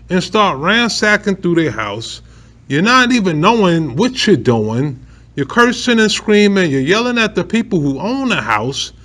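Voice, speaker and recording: Animated man hosting casual news talk. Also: high voice, normal speed. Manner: animated, laughs often, slangy asides. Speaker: news commentary host.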